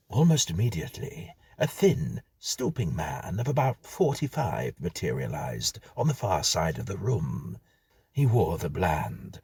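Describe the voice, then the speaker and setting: A man tells a whimsical tale in a slow, measured reading. His voice is deep and husky. The pitch moves a lot, and the sound is dry and close. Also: no room sound. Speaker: narrator. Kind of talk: scripted storytelling.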